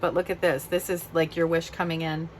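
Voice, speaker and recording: A woman in a casual tarot reading, speaking in a somewhat low voice and growing openly emotional. Her delivery is heartfelt, with a faint hiss of noise behind her. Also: flat delivery, a little fast. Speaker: tarot reader.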